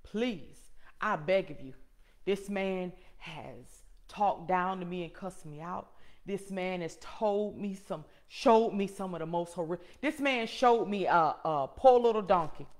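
A woman's voice: fairly low pitch, unhurried. Emphatic woman preaching her testimony. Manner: emphatic and preachy, swinging from loud to hushed. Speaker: host and motivational speaker.

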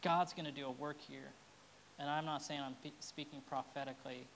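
A woman's voice: low-pitched, steady tone, fairly quick, creaky, a little hiss or hum. Earnest, emotional woman pastor preaching. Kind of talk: sermon.

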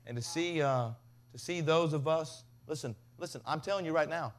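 A man preaching a revival sermon, telling stories with big swings from loud to hushed. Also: fairly high pitch. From Tennessee. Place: revival tent.

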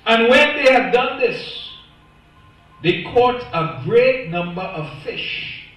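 Recorded from a distance in an echoey church sanctuary, a pastor preaches emphatically, stressing single words as soft music plays in the background. His voice is extremely high and a bit bright, with lively intonation and a slow pace.

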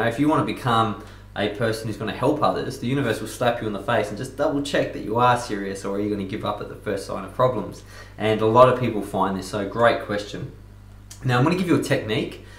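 A man with a lowish voice gives energetic self-help advice straight to the viewer. He leans hard on key words and now and then acts out what other people say. The sound bounces around a roomy, echoey space. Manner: energetic, emphatic, acts out customer quotes. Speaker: self-improvement coach. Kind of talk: talking-head advice video. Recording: echoey room.

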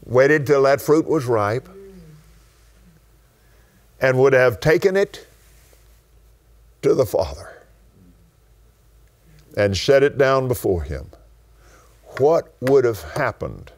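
An older television preacher and host with a West Texas accent preaches and teaches during a studio conversation. His mid-range voice is animated, slow and emphatic, stretching key words and bursting into exclamations of praise.

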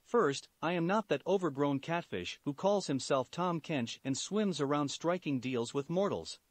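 A man voicing husky seductive demoness. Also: fairly high pitch, animated, normal speed. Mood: teasing. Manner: teasing, languid. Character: seductive cruel female demon, toying and sly.

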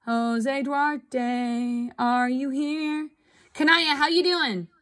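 Woman art teacher, live online lesson, slightly high, chatty and encouraging, computer mic. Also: fairly even intonation, drawn-out words, fairly bright tone. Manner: upbeat, chatty, coaxing students to respond. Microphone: computer mic on a video call.

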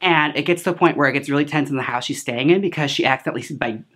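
Woman, low voice, casual movie recap, chatty, sassy asides. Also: racing. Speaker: host reviewing a film.

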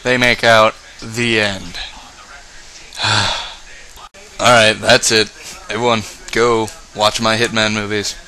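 A man's voice: fairly low pitch, flat delivery, unhurried, bright, forceful tone, rough recording. A man giving a breathless, profane, offhand comedic recap of a game's story. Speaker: comedy video maker. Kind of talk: rapid comedic game recap.

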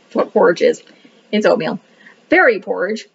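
A woman's voice: mid-range voice, very animated, moderate pace, vocal fry, slightly rough. A woman casually reviewing a book, rambling with many fillers and joking that she cannot pronounce the words. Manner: self-deprecating about pronunciation. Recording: dull lo-fi recording.

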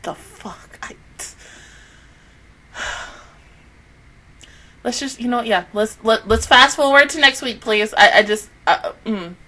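Exasperated woman with a lively, bright voice. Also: on the high side, slow, pauses often, slight background noise. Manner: exasperated, swearing, sighing, trailing off. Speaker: anime reaction YouTuber. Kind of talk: emotional reaction vlog.

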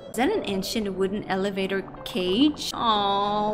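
A woman streaming a cozy game, chatting excitably, laughing often and talking back to the characters. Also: medium pitch, unhurried, hardly any pauses. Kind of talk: casual gameplay commentary. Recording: stream audio with background music. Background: soft background music.

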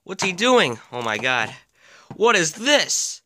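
Excitable man doing mock wrestling commentary. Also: high voice, slow, noisy background. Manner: excitable, exclaiming, deadpan asides.

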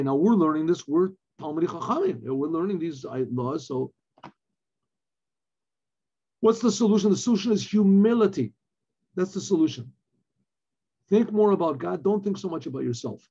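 A man, a rabbi, teaching a Torah lesson, reading Hebrew phrases and explaining them in English with animated emphasis. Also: fairly high pitch, slightly rough, highs cut off.

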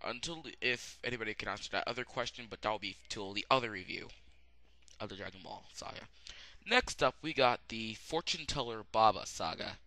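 Young guy rambling thru an anime review, lots of ums, really bright voice, dry close sound. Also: on the low side, brisk, dry recording. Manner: rambling, many "um"s, bursts of loud excitement. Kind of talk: casual spoken review.

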